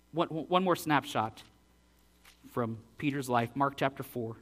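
A male pastor preaching a sermon and reading scripture aloud, acting out the dialogue with big swings in loudness. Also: mid-range voice, normal speed.

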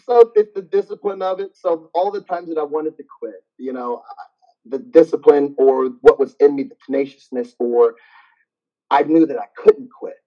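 A middle-aged gym owner appears as a guest in a casual interview, telling stories with lots of animation and frequent laughter. His voice is fairly high and his pace normal, and the recording sounds dull and lo-fi.

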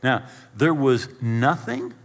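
Middle-aged pastor telling a funny story, voice swoops up and down a lot, big echoey church hall. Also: male voice, medium pitch, slow. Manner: animated, self-deprecating storyteller acting out scenes. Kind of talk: storytelling sermon.

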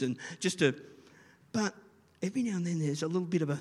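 A middle-aged man gives an informal sermon in a chatty, rambling way, often checking in with his listeners. His voice sits a little higher than most men's. A long echo hangs in the large room around him. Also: animated, quick pace, long pauses, darkish tone, breathy edge. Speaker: children's church leader.

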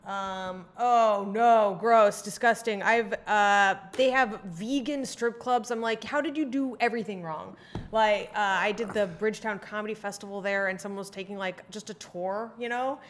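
A woman's voice: mid-range voice, normal speed, a little hiss or hum. A woman comedian on a casual comedy podcast, blunt and sarcastic, ranting with filler words.

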